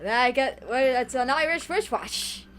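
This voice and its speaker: A woman's voice: high-pitched, a little slow, fairly bright tone. A woman chatting beside a gamer, amused and teasing, explaining things. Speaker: co-commentator beside the player. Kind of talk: casual chat.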